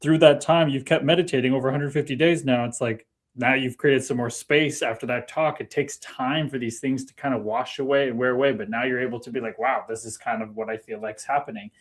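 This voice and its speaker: A man hosting a casual livestream, chatting in a relaxed way and reading out viewer comments. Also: medium pitch, fairly quick, few pauses. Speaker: stream host.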